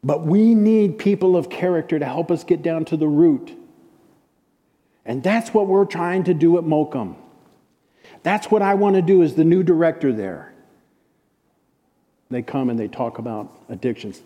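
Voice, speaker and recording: A man preaching a storytelling sermon, slowing for emphatic repeated refrains and then dropping quick and hushed to tell a story. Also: fairly high pitch, expressive. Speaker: preacher and ministry director. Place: conference hall. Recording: long reverb of a large hall.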